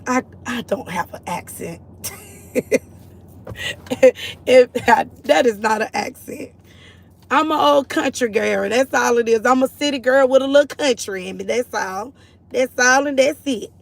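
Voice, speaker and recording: A woman's voice: on the high side, unhurried, gravelly. A woman from Florida hosting a casual faith-based livestream, earnest and encouraging as she greets and answers viewers in the chat. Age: adult mother. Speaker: livestream host.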